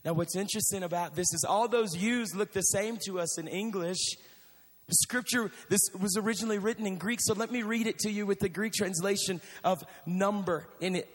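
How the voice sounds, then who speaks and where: Brief: animated male preacher, high voice, emphatic sermon delivery, long hall reverb. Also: fairly quick. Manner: animated, emphatic, addresses crowd directly. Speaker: youth preacher. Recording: reverberant hall with faint music.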